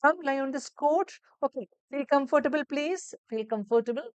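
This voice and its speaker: A woman voicing a gentle, reassuring nurse in an emergency ward, speaking in a slow sing-song way. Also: mid-range voice, no echo, voice pushed up, natural voice. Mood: soothing. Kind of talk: role-play demonstration.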